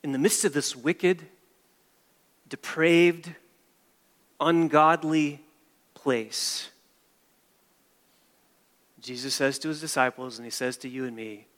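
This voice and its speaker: A man's voice: on the high side, fairly even intonation, slow, pauses often, a bit bright, in a large hall. A male pastor delivering an emphatic sermon, repeating phrases and restarting as he builds each point.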